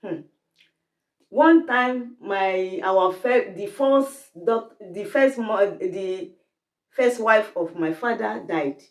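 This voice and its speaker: Taking it slowly in a mid-range voice, the host's mother, a middle-aged Yoruba-speaking Nigerian woman, spins lively tales in Nigerian English. She laughs while telling them and performs the characters' voices during this candid family talk, captured by a far-off mic in a reverberant room.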